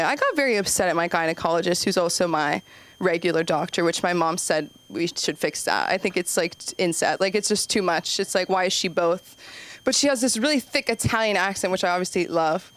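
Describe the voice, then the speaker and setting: A woman's voice: on the low side, brisk. A woman doing a stand-up comedy set on a club stage, chatty and self-deprecating, with lots of "like". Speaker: stand-up comic and show host.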